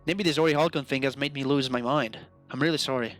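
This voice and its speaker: A man's voice: mid-range voice, fast talker, fairly bright tone, faint music behind, natural voice. A man reading aloud the lines of an earnest, guilt-ridden young male adventurer in a role-playing game, speaking in an apologetic, serious manner.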